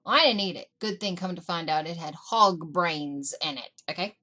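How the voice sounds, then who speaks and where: A middle-aged woman vlogger telling family stories in a casual, animated way, acting out what her relatives said. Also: on the low side, moderate pace. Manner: animated, acts out family members in quotes. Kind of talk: casual storytelling. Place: indoors.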